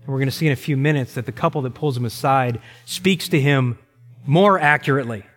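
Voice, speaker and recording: A middle-aged male pastor preaching a sermon with emphasis, slowing down to repeat key phrases. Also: medium pitch. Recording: long reverb in a large hall.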